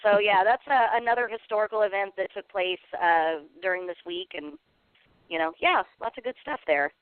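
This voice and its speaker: A man's voice: high-pitched, normal speed, smooth, no echo. Laughing radio host man, tinny sound. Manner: reads news items, laughs often, hesitant fillers. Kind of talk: casual comedic radio chat.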